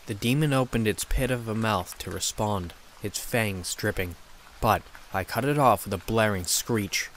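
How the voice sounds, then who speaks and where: A man narrating a scary story in a steady, dramatic storytelling manner. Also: lowish voice, slight background noise. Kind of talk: scripted horror narration.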